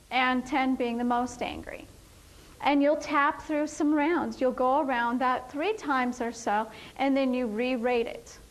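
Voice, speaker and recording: Earnest high-voiced woman teaching. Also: a little hiss or hum, rough recording. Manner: earnest, emphatic, repeats key points. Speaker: EFT practitioner teaching a session. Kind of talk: informal teaching talk.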